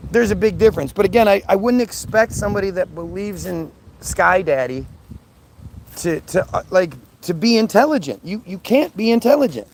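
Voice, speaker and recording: A man with a fairly high voice for a man rants on a live stream, blunt and combative, swearing freely as he answers viewer comments. There is a faint noise under his voice. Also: expressive, moderate pace, creaky, darkish tone.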